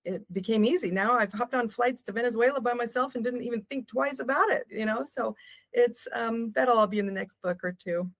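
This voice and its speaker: An older woman, a travel writer, telling stories as a podcast guest in a lively, laughing manner. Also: a little high, brisk. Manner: animated, laughing storyteller. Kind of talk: storytelling in a podcast interview.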